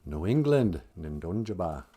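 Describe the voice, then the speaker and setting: A low, dark, sing-song male voice with a breathy edge speaks at normal speed. The Upper Midwest–accented Minnesotan hosts a casual livestream, laughing softly as he reads comments aloud and teaches Ojibwe words.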